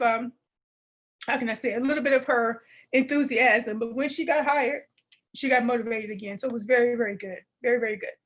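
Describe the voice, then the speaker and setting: A woman presenting an adult education program on a video call, teary and warm as she repeats phrases and laughs. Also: fairly high pitch, steady tone, brisk, poor audio. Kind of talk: webinar presentation.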